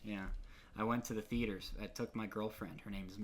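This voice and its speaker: A man's voice: on the low side, steady tone, normal speed. A young man co-hosting a podcast, talking casually, rambling, swearing and laughing often. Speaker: podcast co-host. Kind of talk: casual chat.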